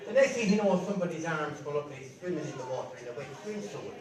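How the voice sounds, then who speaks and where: An Irish man telling jokes as a storyteller at a live rambling night, chatty and lively. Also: sits high, quick pace, few pauses. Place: large room at a rambling night. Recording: echoey room from far off, crowd. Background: audience laughing.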